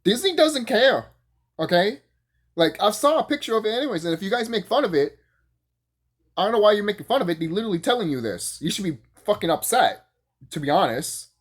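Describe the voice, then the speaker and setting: A man giving a casual, profane, rambling review, full of fillers and bursts of laughter. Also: a little fast. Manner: animated, jumps high when excited. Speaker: YouTube reviewer.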